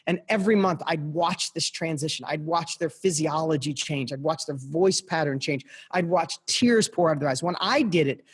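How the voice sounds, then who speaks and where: A middle-aged man appears as a podcast guest, his voice a little high and slightly rough, moving at a moderate pace with few pauses. He tells a personal story in a passionate, emphatic motivational style, addressing listeners directly and repeating phrases for punch.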